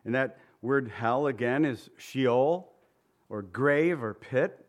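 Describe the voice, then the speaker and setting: In his sermon, a male pastor takes his time, his pitch medium. He quotes scripture in old-style phrasing and turns to the congregation with informal questions.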